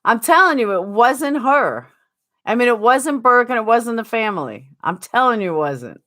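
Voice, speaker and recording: A woman's voice: on the high side, animated, normal speed, fairly bright tone. A woman with a New York accent chatting casually on a live stream, answering viewers by name.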